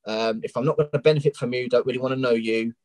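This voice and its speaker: A coaching client guest on a live stream, this Englishman with a London accent answers candidly, peppering his speech with lots of ums. His low-to-mid voice is slightly mellow and keeps a fairly even intonation. The audio sounds dry, close and low-quality, with little space behind it.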